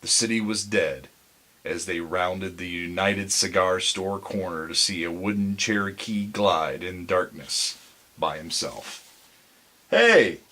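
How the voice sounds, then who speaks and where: A man reading a spooky bedtime story in a low voice. He takes his time, measured and deliberate, letting each sentence settle. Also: steady tone, sharp tone. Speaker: narrator.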